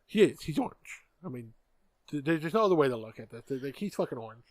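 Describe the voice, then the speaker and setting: A man co-hosts a podcast with casual political chat, speaking bluntly and profanely and stammering as he restarts over repeated words. His mid-range voice is fast and sing-song, with no echo.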